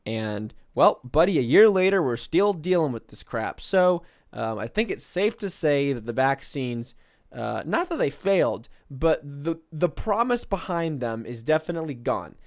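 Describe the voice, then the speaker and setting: A man co-hosts a podcast in a casual political chat, rambling with plenty of filler words. His voice is fairly high and very animated, moving at a moderate pace, and the dry recording has studio quality.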